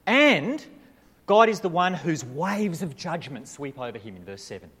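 A man's voice: fairly high pitch, sing-song, moderate pace, fairly bright tone, husky. Emphatic male preacher in reverberant hall. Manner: emphatic, rising and falling delivery with rhetorical questions. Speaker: pastor. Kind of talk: sermon.

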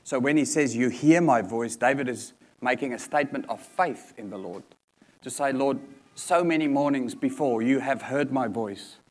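A man's voice: medium pitch, moderate pace. A man preaching a sermon in an earnest manner, repeating key points for emphasis.

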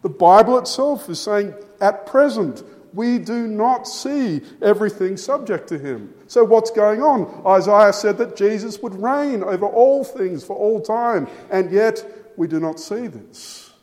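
A man preaching a sermon, emphatic, with his voice rising and falling for stress and measured pauses. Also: sits high, animated, a little mellow. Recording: long hall reverb.

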